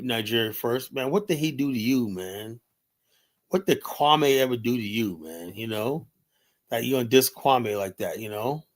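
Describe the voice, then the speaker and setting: Middle-aged male streamer, mid-range voice, rambling profane rants, leans on "you know" constantly. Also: mid-range voice. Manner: blunt and heated. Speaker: livestream host. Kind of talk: unscripted livestream commentary.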